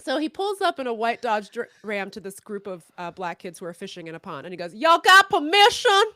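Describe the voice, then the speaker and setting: A woman co-hosting a podcast who tells stories in animated, casual chat, laughing often and swearing casually. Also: medium pitch, quick pace, dry recording, studio quality. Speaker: podcast co-host.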